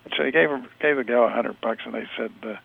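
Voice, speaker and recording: Older man, interview guest, halting storyteller, raspy, phone-line sound. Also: medium pitch. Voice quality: gravelly, husky. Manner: rambling, halting, many restarts. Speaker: interview guest, retired football scout.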